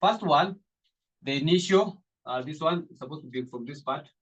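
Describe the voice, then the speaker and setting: A man's voice: on the high side, normal speed, a bit bright, highs cut off. A man teaching accounting, repeating his points with emphasis. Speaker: accounting tutor. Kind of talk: classroom lecture.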